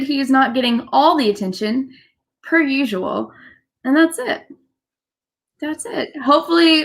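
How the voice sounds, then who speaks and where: A woman's voice: high-pitched, gravelly, sharp tone. A young woman co-hosting a casual podcast livestream, chatty and full of fillers. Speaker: podcast co-host.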